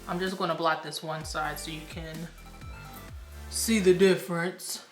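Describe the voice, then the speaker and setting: A woman's voice: fairly low pitch, fairly even intonation, measured pace, echoey room, faint music behind. A young woman chatting casually in a rambling, self-amused way as a beauty vlogger, a little out of breath. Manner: chatty, rambling, laughs at herself. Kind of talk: casual vlog chat.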